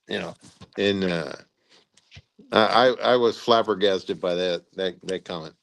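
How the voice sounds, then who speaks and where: An older retired army general telling stories in an interview, rambling with restarts and acting out quotes loudly. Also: male voice, low-pitched, a little slow, creaky, long pauses. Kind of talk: storytelling interview.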